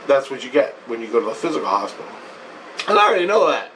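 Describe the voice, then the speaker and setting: A man's voice: medium pitch, very animated, racing, fairly bright tone. A man telling viewers a raw, emotional story about a spiritual experience, swearing heavily and restarting his sentences as he goes. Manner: profane, emotional, rambling with restarts. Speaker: vlogger recounting a spiritual experience. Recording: distant mic with faint ambient noise.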